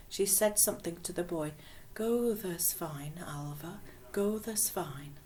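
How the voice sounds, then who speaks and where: A woman reads a children's novel aloud in a calm, unhurried voice that sits on the low side. She sometimes drops to a near whisper. A faint hiss runs quietly underneath. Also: rough recording. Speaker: audiobook reader.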